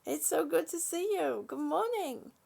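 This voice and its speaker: A woman hosting a relaxed live chat from her home, greeting viewers by name, yawning, laughing and often losing her train of thought. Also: extremely high pitch, measured pace, creaky. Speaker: livestream host.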